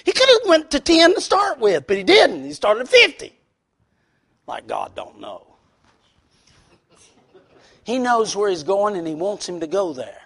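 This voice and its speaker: A preacher man with a very high-pitched voice delivers a sermon. He talks in a folksy, plain-spoken way and quotes scripture. His delivery swings from soft, intimate lows to loud, shouted peaks. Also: sing-song, a little slow, vocal fry, long pauses.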